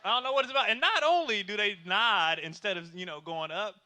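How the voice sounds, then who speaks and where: Male stand-up comic in his thirties: loose, chatty delivery with lots of fillers and rhetorical questions, high, very bright voice. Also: fairly quick. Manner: loose and conversational with many fillers; asks the audience rhetorical questions. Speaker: stand-up comedian. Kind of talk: stand-up comedy.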